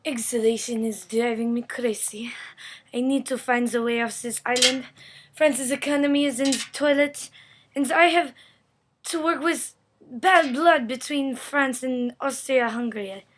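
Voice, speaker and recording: A woman playing a scheming exiled male emperor in a school history role-play, deliberate. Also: high voice.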